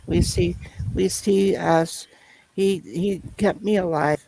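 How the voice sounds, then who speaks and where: A man telling a long personal story in casual chat, rambling and halting as he loops back over his points. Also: sits high, steady tone, creaky, dark tone, dry recording, poor audio. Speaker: storyteller in a conversation.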